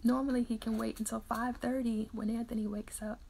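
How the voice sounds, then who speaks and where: A middle-aged woman hosts an early-morning Bible livestream, chatting with viewers as they type comments. Her slightly high voice has a gravelly fry, and she laughs easily. A faint hiss sits under the recording. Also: flat delivery, brisk, darkish tone. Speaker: host of a daily Bible reading livestream. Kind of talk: casual chat with live viewers.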